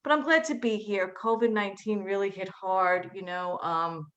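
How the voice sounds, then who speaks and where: A woman from Staten Island doing a stand-up comedy set, chatty, with quick asides and flat, low-voiced impressions of her family. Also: muffled recording. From Staten Island, New York.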